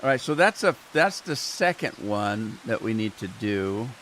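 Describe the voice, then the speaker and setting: A man's voice: fairly low pitch, big pitch swings, a little slow, fairly bright tone, slight background noise. Chatty man rambling over a farming game. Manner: rambling, chatty, talks to himself and chat. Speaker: gaming channel host. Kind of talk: casual gameplay commentary. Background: rain sounds from the game.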